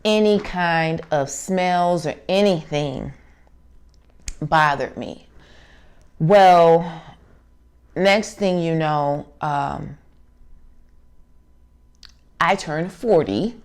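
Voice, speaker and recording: A woman's voice: low voice, drawn-out words, long pauses, smooth. A woman, telling a personal story casually and earnestly, acting out remembered dialogue on her craft channel. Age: 40s.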